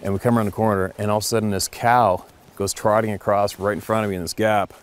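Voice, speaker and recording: A middle-aged man, a hunting guide, telling a story in a rambling, animated way that circles back and repeats words. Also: fairly low pitch, fast talker. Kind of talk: casual storytelling.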